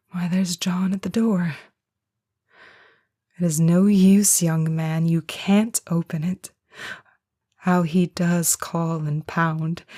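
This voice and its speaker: A woman giving a whispered first-person audiobook narration, hushed and slow. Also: lowish voice.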